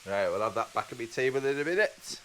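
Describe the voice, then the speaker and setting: A man's voice: mid-range voice, animated, fast talker, a bit bright, slight background noise. A man, a travel vlogger, chatting casually as he walks around a roadside café. He rambles, stumbles and repeats words. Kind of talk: casual walkaround narration. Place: roadside café, partly outdoors.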